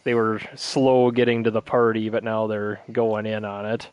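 A man's voice: on the low side, flat delivery, normal speed, smooth, no room sound, muffled recording. A man chatting casually as a podcast co-host, rambling with lots of fillers and laughing as he tells stories. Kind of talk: casual chat.

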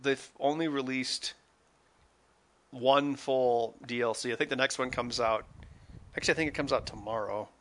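A man in casual conversation about video games, talking in an animated, halting way. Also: mid-range voice. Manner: animated, halting, restarts often.

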